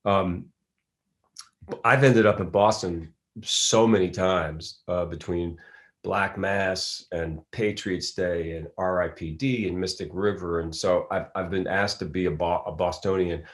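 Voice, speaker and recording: A man's voice: low voice, fairly even intonation, unhurried. A middle-aged man from Philadelphia, an actor giving a casual interview, rambling through stories with many restarts. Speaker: actor guest.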